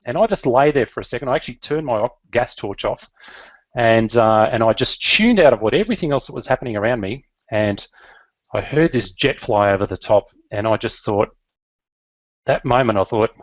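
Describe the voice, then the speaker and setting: A man's voice: medium pitch, brisk, no room sound, dull audio. A middle-aged Australian man telling his life story in an earnest, emotional way, with fillers and restarts. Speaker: business leader.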